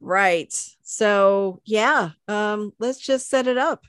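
A woman's voice: mid-range voice, extremely slow, fairly bright tone, clear, resonant tone, no echo, clean studio sound. A woman hosting a casual sports podcast, rambling and self-deprecating with lots of fillers. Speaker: podcast host.

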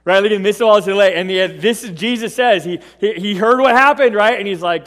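A man preaching a sermon, telling a story in a lively way, acting out the quotes and often asking "right?". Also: high-pitched, fast talker. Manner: animated storytelling, acts out quotes, frequent "right?". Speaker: pastor. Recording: long reverb of a large hall.

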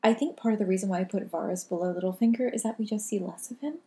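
Mellow-voiced woman in thoughtful chat. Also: mid-range voice. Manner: thoughtful, measured, with filler ums. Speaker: podcast co-host. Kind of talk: casual chat.

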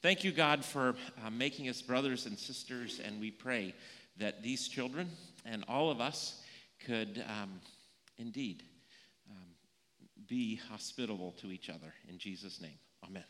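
Man, children's sermon, playful, bright tone, reverberant sanctuary. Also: lowish voice, unhurried. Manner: animated, playful, acts out little scenes. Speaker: pastor giving a children's message. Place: church sanctuary. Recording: echoey church room.

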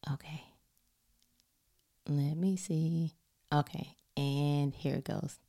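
A mother telling a story to her listeners in a casual, animated way, often dropping into a whisper. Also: low-pitched, slow pace, vocal fry. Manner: animated, expressive, talks directly to listeners.

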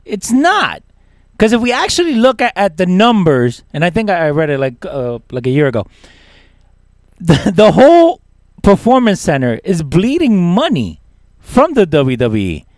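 A man's voice: sits high, huge pitch swings, moderate pace, no echo, studio quality. A young man co-hosting a casual wrestling chat, ranting emphatically and repeating words. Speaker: podcast co-host.

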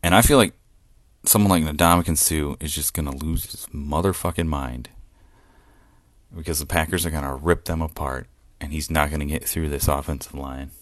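A man with a very low, deep voice talks through a close podcast mic in a dry, dead room. He rants with excitement, swears freely and breaks into laughs often. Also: dry recording. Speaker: podcast host. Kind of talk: solo sports podcast rant.

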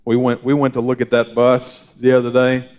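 A middle-aged man preaching in a loose, folksy way, full of "you know" and restarts. His voice sits in an ordinary middle range. Now and then he softens into a hushed, reassuring tone. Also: medium pitch, completely flat delivery, normal speed. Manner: folksy storytelling with frequent fillers and restarts; drops to a soft, hushed voice for reassurance. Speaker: pastor. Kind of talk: conversational sermon.

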